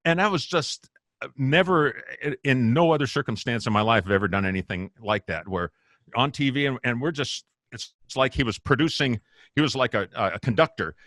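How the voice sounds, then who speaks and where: A man in a casual interview tells stories with lots of energy, laughing often and acting out what people said. His voice sits at a middle pitch. The recording is dry and close, with little room sound. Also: brisk, dry recording. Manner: animated, laughs often, acts out quotes. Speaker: guest bassist.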